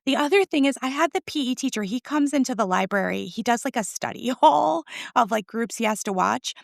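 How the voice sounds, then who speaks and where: A woman's voice: a little high, expressive, fairly quick, vocal fry, dry recording, clean studio sound. A woman in her forties, a school librarian, chatting in an interview with enthusiasm, laughing often and tagging "right?" onto her points. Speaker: school librarian, podcast guest. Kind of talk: conversational interview.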